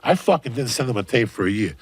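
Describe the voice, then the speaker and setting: A man telling comic stories on a podcast, loud and profane, with punchy bursts and sudden shouts. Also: medium pitch, sing-song, fast, breathy edge, no echo. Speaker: comedian guest on a podcast. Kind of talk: profane comic rant and storytelling.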